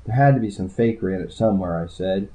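A man's voice: low voice, quick pace, dark tone. A man narrating a first-person story in a dry, wry way. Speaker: audiobook narrator. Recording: tinny phone-like sound.

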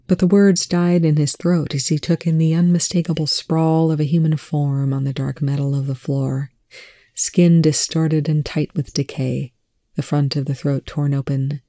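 A narrator reading fan fiction aloud with a measured, hushed sense of suspense. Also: medium pitch, dry recording, studio quality.

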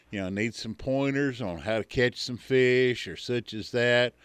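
A man's voice: medium pitch, clear, resonant tone, dry recording. A man hosting a radio show, talking in a folksy, easygoing and chatty way. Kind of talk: casual radio chat. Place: radio studio. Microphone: studio microphone. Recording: dry studio sound.

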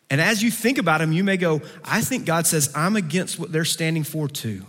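A male preacher with a fairly high voice delivers a sermon in a large hall, his words trailing off into a long reverb. He moves between fervent, raised stretches and hushed, intimate pleading, acting out the prayers and questions of his listeners. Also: expressive, brisk. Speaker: campus preacher.

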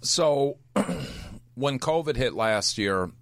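A man's voice: mid-range voice, lively intonation, very slow, a bit bright, dry recording. A man talking openly and bluntly as a podcast guest, swearing casually while telling personal stories. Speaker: podcast guest, recovery speaker. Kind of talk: candid conversational storytelling.

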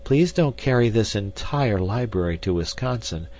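A man's voice: lowish voice, lively intonation, normal speed, darkish tone, slight background noise, pitched above the performer's own voice, natural voice. A man reading an audiobook, voicing a polite but firm young woman speaking to her father.

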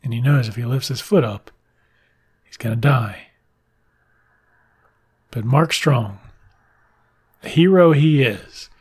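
A man tells a film's plot as a loose, profane, joking ramble. His voice is husky and slightly breathy, at an ordinary middle pitch. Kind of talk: casual film recap.

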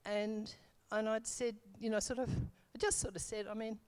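A woman's voice: on the high side, flat delivery, moderate pace, a little mellow. A middle-aged woman telling her church testimony in a casual, rambling way, full of fillers and self-corrections.

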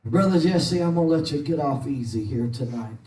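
Man, pastor, high voice, shouting holiness sermon, short-winded, echoey church from a distance. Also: animated, fairly quick. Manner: shouting, rhythmic preaching with rising pitch. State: short of breath. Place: church sanctuary.

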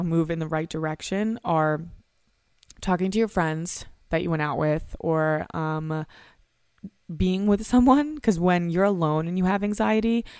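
A woman's voice: fairly low pitch, a little mellow, smooth, dry recording, studio quality. A young woman in her twenties talking alone on her podcast, rambling and candid, swearing freely and peppering her talk with "like" while anxious and hungover. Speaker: podcast host. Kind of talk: solo podcast monologue.

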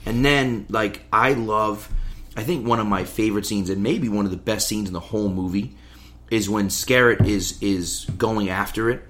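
A man in casual conversation about films, telling scenes with lively acted-out lines. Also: fairly low pitch, moderate pace. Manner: animated storyteller, acts out scenes with yelling voices. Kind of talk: casual movie chat.

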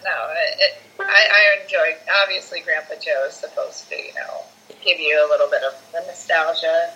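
Female co-host, casual movie talk, bright tone, low-ish pitch, halting delivery. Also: steady tone, highs cut off.

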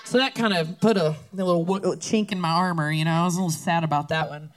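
A woman's voice: on the low side, fast. A woman, chatting casually as a guest. She rambles from story to story, laughing as she goes off on tangents. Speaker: guest singer-songwriter.

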